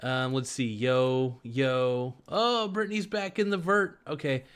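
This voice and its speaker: A man's voice: mid-range voice, measured pace, fairly bright tone, clean tone. A young man live-streaming from home, reading chat aloud in a rambling, joking, self-mocking way. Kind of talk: casual livestream chat.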